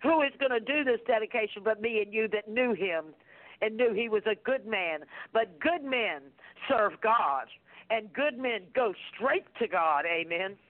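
A woman's voice: a little high, animated, unhurried, dry recording. A woman calling in to a radio show, comforting the host in a soothing, preachy way and calling her darling. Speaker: caller and fellow radio host. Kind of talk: comforting call-in talk. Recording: tinny phone line, dry.

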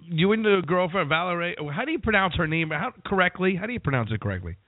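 A man hosting a radio interview, asking questions in a casual, chatty way with halting restarts. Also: high voice, big pitch swings, dry recording. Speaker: radio host. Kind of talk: phone interview. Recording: tinny phone-quality sound.

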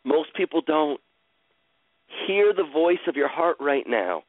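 Speaking slowly and soothingly, a man repeats his phrases as he coaches a caller live. His slightly high, sing-song voice arrives over a thin, tinny line that sounds like a phone, dry and close with no room sound.

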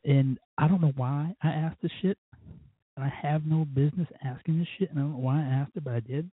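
Husky man rambling on a phone line. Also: fairly high pitch, steady tone, fairly quick, dry recording. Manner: profane, rambling, self-mocking. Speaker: podcast host. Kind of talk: casual storytelling monologue.

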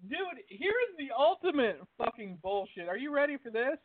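A man's voice: very high-pitched, very animated, moderate pace, dry recording. A man co-hosting a podcast, telling a story in a heated, profane way during casual chat. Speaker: podcast co-host. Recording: tinny phone-like line, dry.

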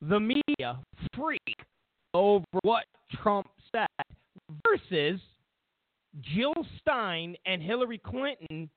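A man with a high voice and big pitch swings rants slowly as host of a political talk show. He mocks his opponents in whiny voices, speaking bluntly and profanely in an opinion monologue. There's no echo, but the sound is tinny like a phone.

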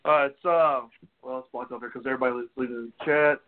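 A man's voice: mid-range voice, fairly even intonation, fast, a little hiss or hum. A man hosting a casual radio show, talking in a loose, joking, rambling way. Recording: tinny phone-like audio.

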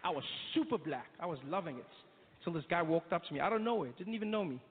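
A man with a South African accent doing stand-up comedy in animated storytelling, in tinny phone-like audio from an echoey hall. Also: fairly high pitch. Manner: animated storytelling, quick impressions.

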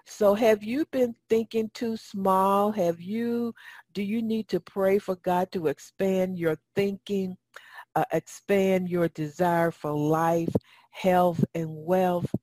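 A woman's voice: medium pitch, steady tone, slow, a little mellow, dry recording. A woman giving a Bible teaching in a folksy, emphatic way and reading scripture aloud. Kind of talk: sermon teaching.

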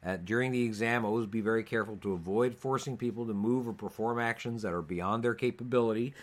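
A man co-hosting a medical preparedness podcast, explaining topics in an easygoing, conversational way with frequent fillers. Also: on the low side. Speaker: physician co-host.

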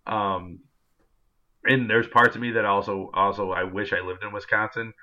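A man in his twenties co-hosts a casual sports podcast, rambling with many fillers. His voice sits low yet bright and forceful. The recording sounds dull and lo-fi. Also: fairly even intonation, normal speed. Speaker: podcast co-host. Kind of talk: casual chat.

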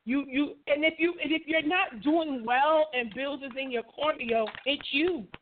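Excitable high-voiced woman on a phone line. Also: moderate pace. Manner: excitable, profane, laughing reactions. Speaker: podcast host. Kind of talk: casual podcast chat. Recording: tinny phone line with crowd noise.

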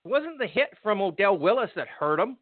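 Guy hosting a podcast, high voice, angry sweary rant, sounds tinny like a phone line. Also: sing-song, fairly quick, no room sound. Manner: angry, profane, sarcastic ranting. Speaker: podcast host. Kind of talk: ranting sports talk.

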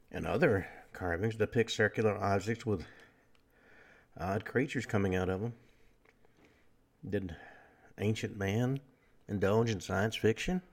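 A man hosting a talk radio show, delivering a lecturing monologue with frequent pauses and fillers. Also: fairly low pitch.

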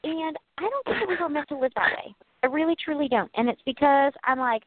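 A high-pitched woman co-hosts a casual faith talk, speaking earnestly and warmly encouraging her listeners. Her voice comes through a thin, phone-like channel with a dry, close sound. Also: animated, a little fast, no room sound. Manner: earnest, encouraging, laughs often. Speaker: podcast co-host.

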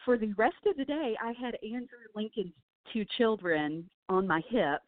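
A woman's voice: a little high, normal speed, no echo. A woman, an animal handler, telling stories eagerly and animatedly in a casual interview. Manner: enthusiastic, animated storyteller. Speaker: film set snake wrangler and wildlife handler. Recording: tinny dry phone-line audio.

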